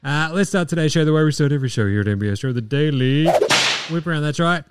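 A man's voice: a little high, lively intonation, fast talker, very noisy. An Australian man hosting a podcast, talking in a laid-back, jokey way with plenty of swearing. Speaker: podcast host. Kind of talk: casual chat.

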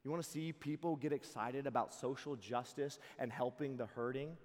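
A man giving an energetic sermon full of personal stories, his voice ringing in a large hall. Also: mid-range voice, moderate pace. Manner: energetic, shifts into loud excited voices for quotes. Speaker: youth camp speaker. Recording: long reverb of a large hall.

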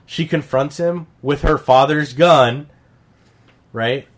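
A man's voice: on the high side, slow. A man co-hosting a casual podcast chat, retelling a comic plot in a heated, profane way. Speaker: podcast co-host.

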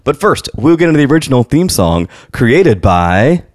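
A man's voice: mid-range voice, sing-song, moderate pace, dry recording, clean studio sound. A man hosting a podcast in casual chat, upbeat and laughing often as he runs through plugs and introductions. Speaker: podcast host. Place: small home studio.

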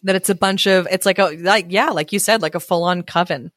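A woman co-hosting a podcast, reading a fairy tale aloud and chatting about it in an animated way, laughing often. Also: on the low side, a little fast, no room sound, studio quality. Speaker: podcast co-host and story reader. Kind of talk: casual chat and storybook reading.

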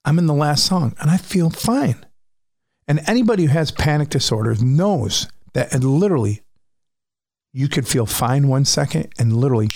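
Frank, gravelly man telling a story. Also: mid-range voice, darkish tone, no echo, studio quality. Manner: frank and profane, vivid retelling. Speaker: musician recounting a personal story. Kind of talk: candid personal storytelling.

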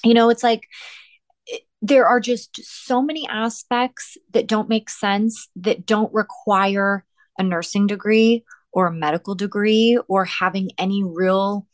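A woman's voice: medium pitch, fairly even intonation, a little slow, dry recording. Thoughtful American woman guest, dry sound. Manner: thoughtful, talks in long winding sentences with small hesitations. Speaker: guest, nurse. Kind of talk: conversational interview.

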